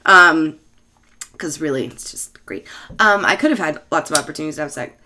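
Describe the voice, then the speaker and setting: Sweary, self-mocking woman with a bright voice. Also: low voice, a little fast, a little hiss or hum. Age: 30s. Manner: profane, self-mocking, laughs often. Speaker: bartender and show host. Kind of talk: casual rambling monologue.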